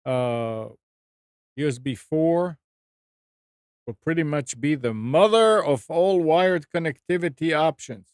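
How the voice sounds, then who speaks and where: A man's voice: on the high side, takes it slowly, a little mellow, dry recording, studio quality. Man hosting a tech radio show. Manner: reads tech news with asides and jokes. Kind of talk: casual chat.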